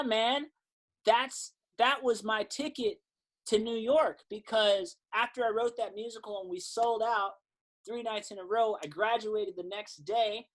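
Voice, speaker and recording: A man in his thirties, a singer-songwriter guest on a podcast, telling his story casually and acting out the quotes. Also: high-pitched. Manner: animated storyteller, acts out quotes, swears casually.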